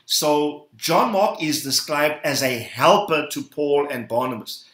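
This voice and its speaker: A male pastor delivers a sermon, his fairly high voice leaping up to stress key words. He calls the congregation to repeat phrases after him. The sound rings through a roomy, reverberant hall. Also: fairly bright tone. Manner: emphatic, rising bursts, calls the congregation to repeat.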